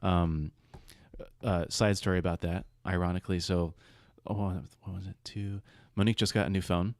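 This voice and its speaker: A man's voice: low voice, flat delivery, normal speed, no echo, studio quality. A man in his twenties hosting a casual podcast chat, telling rambling side stories full of fillers. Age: 20s. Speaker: podcast host.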